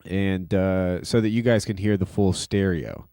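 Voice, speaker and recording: A man's voice: low-pitched, fairly even intonation, measured pace, mellow, no room sound, studio quality. A man hosting a casual livestream, rambling loosely with lots of fillers and self-deprecating asides. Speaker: livestream host and music producer.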